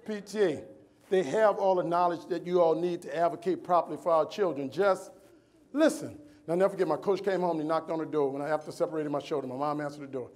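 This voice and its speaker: A man with a high voice delivers a preacher-like keynote from a conference stage. He hammers phrases by repeating them and acts out every character in his stories. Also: fast, darkish tone. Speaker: motivational speaker. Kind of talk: storytelling keynote speech. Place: conference stage before a live audience.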